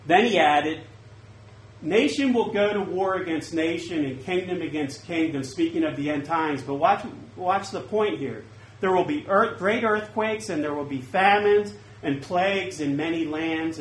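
A man preaching a sermon, swinging from loud bursts to hushed asides. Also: a little high, reverberant, slight background noise, low-quality recording.

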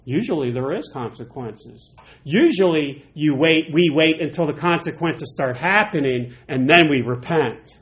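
A man teaching through Bible passages in a chatty, animated way, with quick asides. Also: on the high side.

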